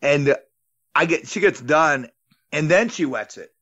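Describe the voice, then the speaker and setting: A man's voice: on the high side, expressive, a little slow, sharp tone, muffled recording. A man co-hosting a podcast in casual chat, joking and telling long anecdotes with some swearing. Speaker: podcast co-host.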